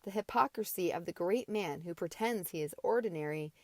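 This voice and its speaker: A woman reading a novel aloud as an amateur audiobook, in a relaxed, unpolished manner. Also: fairly low pitch, a little fast, no room sound. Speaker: audiobook reader.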